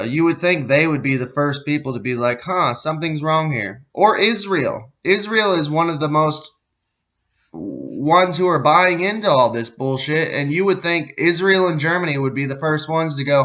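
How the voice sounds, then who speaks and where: An American podcast host reads a news article aloud, breaking off into sarcastic, profane commentary and sometimes losing his place. His voice is on the high side with a fairly bright tone, and the recording's highs are cut off.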